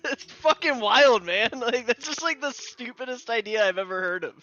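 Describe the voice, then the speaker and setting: A man's voice: very high-pitched, lively intonation, normal speed, pushed and bright, dry recording, lo-fi sound. A man playing a tabletop game, laughing and swearing in disbelief as he chats. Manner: laughing, profane, incredulous. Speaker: player. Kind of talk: casual tabletop chat.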